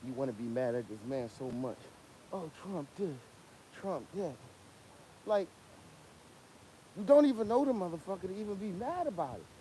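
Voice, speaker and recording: A man's voice: high voice, sing-song, brisk, warm tone, slight background noise, rough recording. A young man, ranting bluntly and profanely in a casual livestream, coughing from a cold. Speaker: livestream host.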